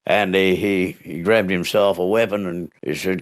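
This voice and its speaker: An older Australian man telling stories from his life in an interview, with a halting delivery full of fillers. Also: low-pitched. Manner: halting, with many fillers and lively storytelling. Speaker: guest, actor. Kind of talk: storytelling in an interview.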